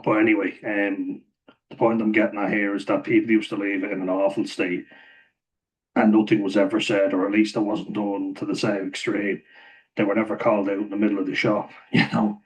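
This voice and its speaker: A man's voice: on the low side, little pitch movement, brisk, poor audio. A man telling a rambling story to camera, swearing freely and laughing often mid-sentence. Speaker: vlogger.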